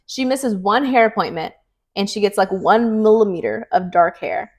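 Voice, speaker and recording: A woman's voice: medium pitch, normal speed. A young woman co-hosting a podcast, chatting animatedly as she retells a thriller's plot. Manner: chatty, animated storyteller, many "like" fillers. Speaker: podcast co-host. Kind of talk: casual book recap chat.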